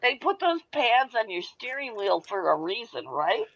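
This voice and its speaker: A woman's voice: a little high, sing-song, normal speed, a bit bright. A woman from Michigan chatting casually on a panel show, rambling and jokey, with the odd swear. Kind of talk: casual chat. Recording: muffled lo-fi audio.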